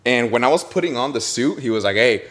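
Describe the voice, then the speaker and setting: A young man hosting a podcast, telling an excited story in casual chat, swearing and laughing often. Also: medium pitch, quick pace. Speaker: podcast host.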